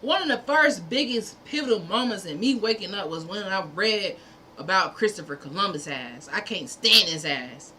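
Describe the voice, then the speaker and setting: A woman's voice: medium pitch, expressive, moderate pace, bright, forceful tone, slight background noise. A woman hosting a livestream, delivering a fervent, preachy monologue in repeated punchy phrases, sometimes profane. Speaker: livestream host.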